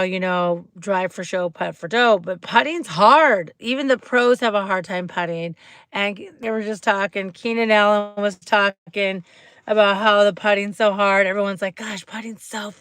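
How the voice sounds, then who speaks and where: A woman with a sharp yet smooth voice hosts a laid-back livestream from inside her parked car, phone close to her mouth. Bubbly and chatty, she does squeaky voices when acting out quotes. The recording is dry.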